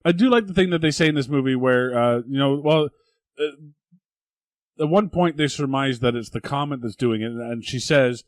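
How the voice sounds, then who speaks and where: A man's voice: medium pitch, normal speed, no echo. A Canadian man co-hosting a casual movie podcast, chuckling and wry. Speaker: podcast co-host. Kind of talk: casual chat.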